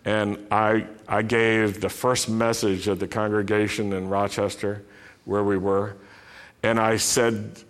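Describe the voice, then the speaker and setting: A man's voice: fairly low pitch, flat delivery, slow. A middle-aged man preaching a sermon to his congregation, asking rhetorical questions and telling family stories in a conversational way. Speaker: pastor.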